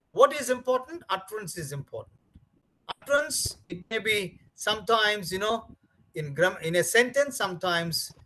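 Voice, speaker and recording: A man's voice: high voice, sharp tone, low-quality recording. A man giving a training lecture to teachers, emphatic and repetitive, with many fillers.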